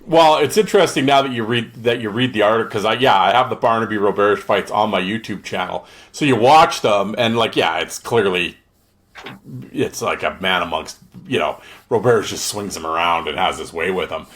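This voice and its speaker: A man with a fairly low voice reads old newspaper pieces aloud at a quick clip. When the talk turns casual he gets animated, rambling through his thoughts. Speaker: podcast co-host. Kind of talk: reading articles aloud and casual chat.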